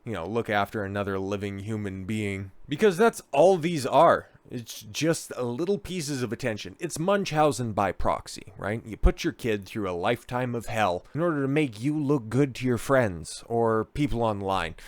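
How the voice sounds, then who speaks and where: A man hosting a commentary vlog, speaking in a sarcastic, scornful and animated rant. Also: medium pitch, normal speed, few pauses, no echo. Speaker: commentary host.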